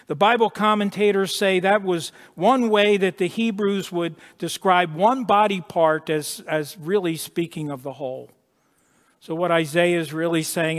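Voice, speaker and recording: A man preaching a sermon with emphasis, repeating words and dropping to a hush at key points. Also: high-pitched, steady tone, moderate pace. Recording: long echo of a large hall.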